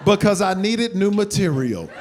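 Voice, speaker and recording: A man in his forties performing stand-up on stage in front of a live audience, telling stories animatedly and bursting into loud impressions. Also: high voice, big pitch swings, moderate pace, background noise. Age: 40s. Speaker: stand-up comedian. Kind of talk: stand-up comedy.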